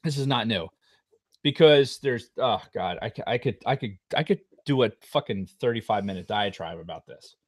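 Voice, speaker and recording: A middle-aged man co-hosting a podcast, telling a long story in a casual, profane way with loud outbursts. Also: lowish voice, lively intonation, moderate pace. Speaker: podcast co-host.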